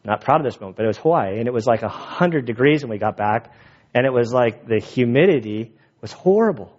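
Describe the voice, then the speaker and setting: Animated storytelling preacher, a man. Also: medium pitch, fairly quick, dull audio. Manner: animated, jokey storyteller who laughs at his own stories. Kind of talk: sermon with personal storytelling.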